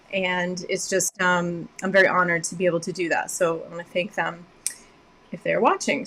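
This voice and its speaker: A woman hosting her own animal communication channel, chatting casually on a live stream in a rambling, apologetic way with many fillers and restarts. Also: medium pitch.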